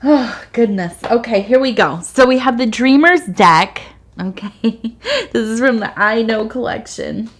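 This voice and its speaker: A woman giving a soft-spoken ASMR tea leaf reading, meandering with fillers and sometimes dropping to a whisper. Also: on the high side, a little slow.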